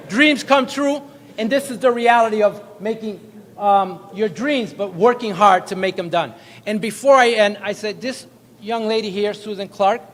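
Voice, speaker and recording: A man, a state representative, giving a jokey, effusive speech at a press event. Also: pushed and bright. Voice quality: high-pitched, booming, jokey and effusive. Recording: long hall reverb.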